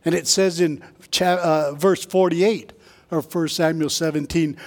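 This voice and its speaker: High-voiced man preaching a chatty sermon. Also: steady tone, a little slow. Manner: conversational preaching with frequent "right?" asides and jokes. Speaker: pastor.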